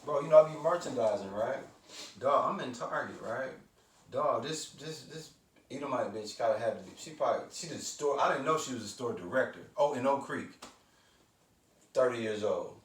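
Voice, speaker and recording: A man's voice: medium pitch, animated, moderate pace. A man in a casual show chat, telling a story in loose slang. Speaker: co-host. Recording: echoey room, mic far off.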